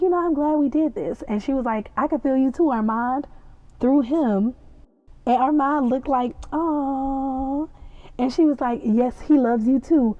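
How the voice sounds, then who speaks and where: A woman's voice: a little high, dry recording, highs cut off. A young woman hosting a podcast, casually and animatedly retelling a TV episode and acting out the characters' lines. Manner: animated, gossipy retelling with acted-out quotes. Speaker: podcast host reviewing a TV episode. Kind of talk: casual chat.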